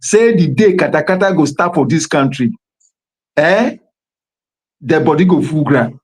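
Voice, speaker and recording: A man's voice: fairly high pitch, animated, unhurried. A man with a Nigerian accent, speaking as a guest over a remote audio call, impassioned and full of proverbs and pidgin. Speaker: guest commentator. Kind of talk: live online political discussion.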